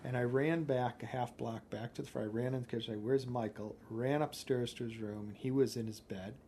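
A man's voice: medium pitch, fairly even intonation, fairly quick, mellow, slight background noise. A man recounting what he witnessed in an interview, telling it plainly and directly and acting out what was said. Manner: plain, direct storytelling with quoted speech. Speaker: eyewitness. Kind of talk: interview recollection.

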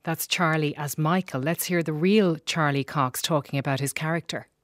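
An Irish woman hosting a radio discussion, moving things along with brisk, guiding questions. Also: low-pitched. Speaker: radio host.

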